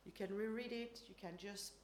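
A woman preaching and then leading a group in prayer, earnest and unhurried, sometimes dropping to a soft prayerful voice. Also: medium pitch, slight background noise. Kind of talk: sermon and guided prayer. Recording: echoey room with faint ambience.

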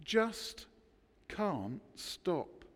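A man preaching a sermon, emphatic, with dramatic pauses between words. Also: high voice, very animated, big-room sound. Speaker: pastor. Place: church.

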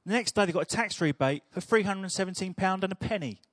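A man's voice: high-pitched, fast talker, fairly bright tone, no echo. A man preaching a sermon in a chatty, humorous storytelling way.

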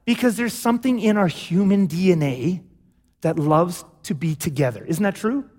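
A man preaching a sermon as pastor, in an animated, conversational way with acted asides. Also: high-pitched, normal speed, long reverb tail. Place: church sanctuary.

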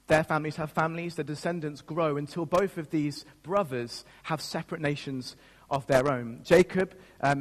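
A man pastor giving a sermon, telling a personal story in a self-mocking way and laughing at himself. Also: on the high side. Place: church. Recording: long reverb of a church hall.

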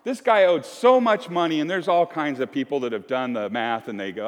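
Animated and a little fast, this pastor's fairly high voice leaves few pauses. He jokes and chats through a conversational sermon in the church sanctuary, acting out bits as he goes, with the hall's echo audible throughout.

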